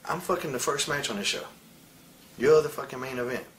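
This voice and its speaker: Man, 40s, ex-wrestler, heated and crude storyteller, average pitch, light hiss behind. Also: brisk, fairly bright tone. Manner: blunt, profane, heated storytelling. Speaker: retired pro wrestler as interview guest. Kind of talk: candid shoot interview.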